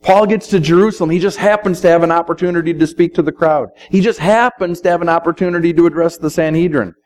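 A man's voice: fairly high pitch, fairly even intonation, fast, a little mellow, low-quality recording. A middle-aged man preaching a sermon, speaking conversationally and quoting scripture. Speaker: pastor.

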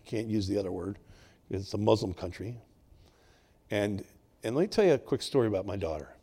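A man in his sixties, a pastor, preaching a sermon and telling personal stories, swinging between loud, emphatic bursts and quiet asides. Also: on the low side, animated, brisk, breathy edge.

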